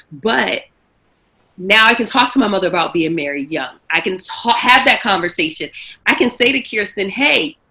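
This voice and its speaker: Bright-voiced woman in her forties. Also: medium pitch, low-quality recording. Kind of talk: casual panel chat.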